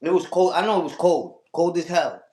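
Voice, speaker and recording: A man's voice: a little high, animated, fairly quick, darkish tone, roomy sound. A man hosting a casual livestream, talking back to his critics and repeating his own catchphrases. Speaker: livestream host.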